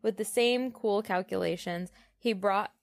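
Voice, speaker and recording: A woman's voice: mid-range voice, gravelly. A woman co-hosting a podcast who reads passages from a novel aloud and breaks off to joke and laugh. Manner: joking, laughs often, pauses on fillers. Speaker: podcast co-host. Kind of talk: casual chat mixed with reading aloud from a novel.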